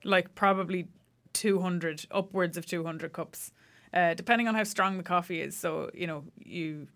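A woman's voice: lowish voice, moderate pace, fairly bright tone. A woman co-hosting a casual science podcast, explaining facts with many fillers and restarts. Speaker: podcast co-host.

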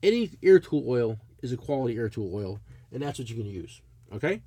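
A man's voice: medium pitch, fairly quick, husky, no room sound. A middle-aged man, telling a profane, blunt story in casual chat as a podcast co-host. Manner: animated, swearing, blunt ranting.

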